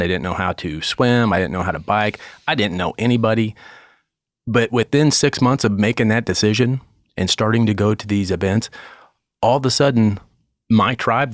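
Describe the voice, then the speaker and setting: A male podcast host with a low voice, drawn out and rambling as he builds up his questions. He leans on "you know" again and again. The recording is dry and close. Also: no room sound. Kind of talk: podcast interview.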